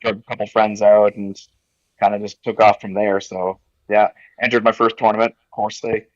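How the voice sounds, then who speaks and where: Low-voiced man from Nova Scotia, halting. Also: level tone, dry recording, dull audio. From Nova Scotia, Canada. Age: 40s. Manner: easygoing, halting, many fillers and restarts. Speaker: podcast guest. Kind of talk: casual interview.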